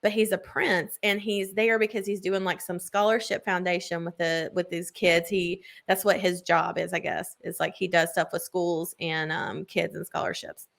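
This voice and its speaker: A woman's voice: fairly low pitch, level tone, normal speed, gravelly, hardly any pauses, fairly bright tone. A woman in casual chat, gushing as she retells a book's plot with lots of filler words. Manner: gushing book recap full of "like" fillers.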